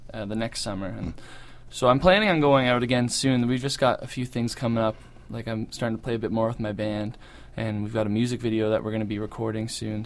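A man from Canada, a guest musician chatting casually in a radio studio, relaxed and easygoing with lots of fillers. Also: fairly low pitch, gravelly. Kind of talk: casual interview chat.

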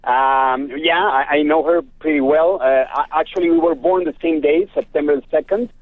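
A man's voice: fairly high pitch, moderate pace, no echo. Man with a Mexican accent on a tinny phone line. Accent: Mexican Spanish. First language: Spanish. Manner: laughs often, hesitant with fillers. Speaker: guest actor. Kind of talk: casual interview by phone.

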